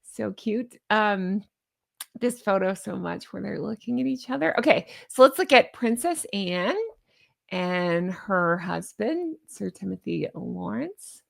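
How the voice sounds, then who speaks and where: Gushing Southern woman with a gravelly edge. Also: medium pitch. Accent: Southern American. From American South. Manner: gushing, giddy and chatty. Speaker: royal news commentator. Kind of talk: casual chat.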